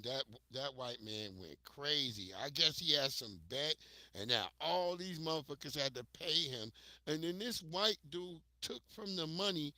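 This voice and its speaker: An American man hosting a livestream, telling stories in a casual, profane, animated way to his viewers. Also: fairly high pitch, no room sound. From United States. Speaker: livestream host.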